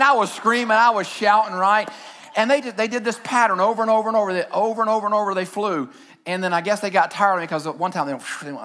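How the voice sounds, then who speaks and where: A man pastor preaching a sermon, reading scripture and telling animated stories with shouted asides. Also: on the high side. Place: church stage.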